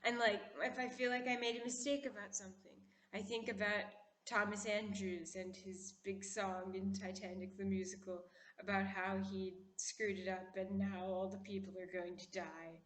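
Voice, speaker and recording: A woman vlogger chatting casually, putting on a poised, classy-sounding voice and talking in an opinionated, animated way. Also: mid-range voice, normal speed, few pauses. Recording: echoey room.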